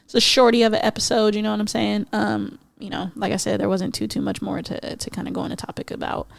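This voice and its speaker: A woman's voice: medium pitch, steady tone, quick pace, vocal fry, dry recording. Female solo podcast host, mid-range voice, blunt and profane ranting, dry close mic. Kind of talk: casual solo rant.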